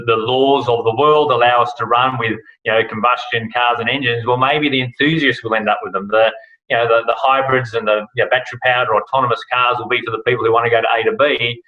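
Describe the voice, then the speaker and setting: A man's voice: mid-range voice, pushed and bright, highs cut off. An Australian man talking casually as an interview guest, rambling with many fillers and restarts. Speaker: guest, rally broadcast host. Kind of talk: relaxed podcast interview.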